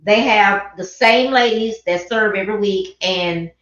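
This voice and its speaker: A woman hosting a casual live-stream chat, telling animated stories and mimicking people as she goes. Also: mid-range voice, a little slow. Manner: animated storyteller, mimics people, laughs often. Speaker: host. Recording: echoey, dull livestream audio.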